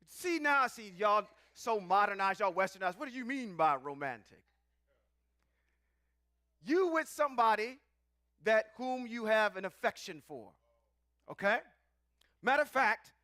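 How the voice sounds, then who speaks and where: A man leading a live-streamed scripture teaching in a playful, animated way, calling out to the people in the room. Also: high voice, dry recording, studio quality. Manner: animated, playful, calls out to the audience.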